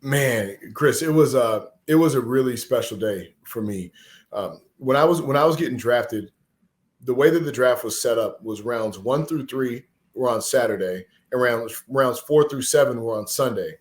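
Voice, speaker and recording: A man's voice: medium pitch, normal speed. Earnest storytelling man from Texas. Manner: animated, earnest, emotional storyteller. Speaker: podcast guest, former pro football player. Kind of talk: conversational storytelling.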